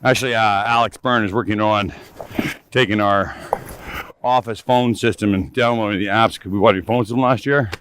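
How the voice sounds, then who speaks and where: Here a middle-aged podcast host and boss talks casually on a snowshoe hike, boisterous, profane and joking while slightly short of breath. He has a lowish, fairly bright voice with a steady tone and fairly quick delivery, and a little hiss or hum sits under the recording.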